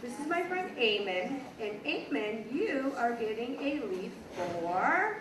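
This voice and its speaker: A woman's voice: a little high, sing-song, slow pace. A woman teacher praising young students one by one at a school assembly. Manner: warm praising, addressing young children. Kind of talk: award presentation at a school assembly. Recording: echoey hall, distant mic, crowd noise.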